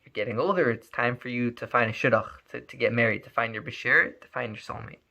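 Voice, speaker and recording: A man voicing a kindly older rabbi who speaks in a gentle, persuasive way. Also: mid-range voice, quick pace, creaky. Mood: encouraging.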